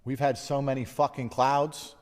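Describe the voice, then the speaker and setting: A man's voice: medium pitch, level tone, moderate pace, long reverb tail. A man in his thirties speaking in a blunt, defiant and profane monologue about losing a fight. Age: 30s. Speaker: fighter reflecting on a loss. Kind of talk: candid monologue.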